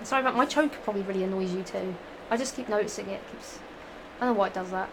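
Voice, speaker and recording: A woman's voice: medium pitch, racing, background noise. A woman reading fan fiction aloud, breaking off into giggly, profane, rambling asides.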